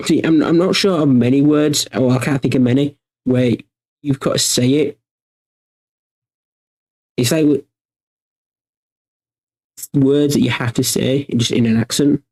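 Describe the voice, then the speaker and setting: A man's voice: medium pitch, fairly even intonation, a little slow, long pauses, a little mellow, rough recording. A man hosting a livestream workshop, chatting casually and thinking aloud with frequent restarts.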